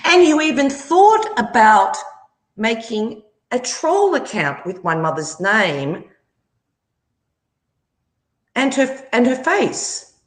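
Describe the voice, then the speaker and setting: A woman's voice: a little high, sing-song, slow, reverberant. A woman, hosting a livestream and angrily confronting someone, swearing often. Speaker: livestream host. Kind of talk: angry livestream rant.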